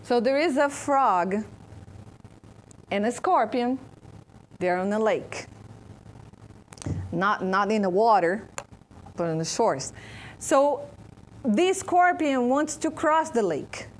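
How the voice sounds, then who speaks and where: Woman with a Brazilian Portuguese accent, halting spiritual talk, slow, fairly high voice. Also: big pitch swings. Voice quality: halting, searching for words, asks the audience. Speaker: speaker at a spiritist center.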